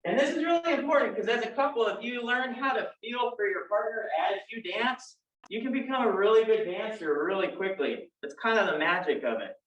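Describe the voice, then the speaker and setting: Texan guy teaching dance, folksy and jokey, kinda high voice, far off in an echoey room. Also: lively intonation, a little fast, a bit bright. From Texas. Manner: folksy, joking storyteller. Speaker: dance instructor. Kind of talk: live dance class instruction. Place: dance studio. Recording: roomy, distant, dull sound.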